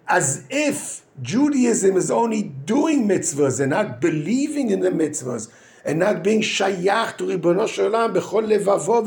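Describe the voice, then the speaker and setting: A man's voice: high voice, gravelly. A man, a rabbi at a yeshiva giving a weekly Torah talk in English. He often restarts while searching for English words. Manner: animated, acts out quoted speakers in raised voices.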